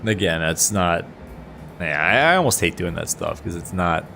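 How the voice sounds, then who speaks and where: A man's voice: low voice, expressive, normal speed, gravelly, pushed and bright, faint music behind. A man chatting casually on a flight sim live stream, self-deprecating and reading chat aloud, over a headset mic.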